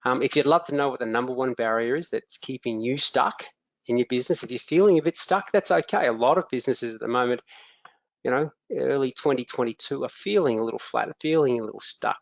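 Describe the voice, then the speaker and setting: Gravelly Australian man hosting a webinar. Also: mid-range voice, fast talker, no echo. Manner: upbeat, greets attendees by name, frequent ums. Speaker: webinar host and business coach. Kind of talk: live webinar presentation. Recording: dry, dull lo-fi webinar audio.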